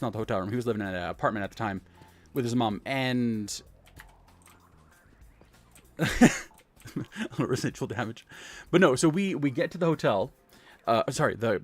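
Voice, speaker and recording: A young man tells rambling, profane childhood stories on a casual live stream, often correcting himself. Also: mid-range voice. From Canada.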